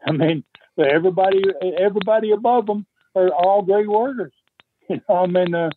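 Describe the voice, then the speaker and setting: Older guy on a tinny phone call, slightly high voice, rambling stories with lots of uh's and chuckles. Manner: rambling, halting with fillers and chuckles. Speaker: podcast guest. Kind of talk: casual storytelling. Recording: tinny phone line with faint hiss.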